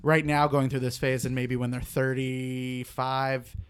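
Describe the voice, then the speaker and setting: A man's voice: medium pitch, little pitch movement, measured pace, clean tone. A man co-hosting a casual podcast chat, rambling with many fillers and laughing often. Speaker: podcast co-host.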